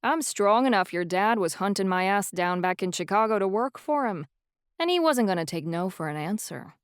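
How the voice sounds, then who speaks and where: A woman's voice: mid-range voice, animated, moderate pace, clear, resonant tone, no room sound, clean studio sound, lightly acted. A woman playing a cocky young male vampire with a faint Irish lilt. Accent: slight Irish. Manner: brash and teasing.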